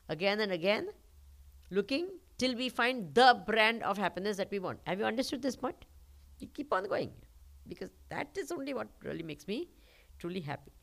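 A spiritual teacher with an Indian accent giving a talk to a live audience, asking rhetorical questions and pausing for the answers. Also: female voice, medium pitch, vocal fry. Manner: questioning, rhetorical, uses call-and-response.

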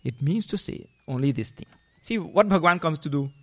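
Animated spiritual teacher. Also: male voice, a little high, a little fast. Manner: animated, with questioning tags and chanted verse. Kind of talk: scripture discourse.

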